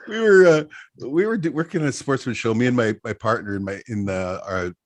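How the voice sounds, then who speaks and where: A man's voice: medium pitch, brisk, dry recording. A middle-aged man from Texas, a trapper guest telling rambling stories in casual chat, laughing often. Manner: rambling anecdotes, frequent laughter, restarts.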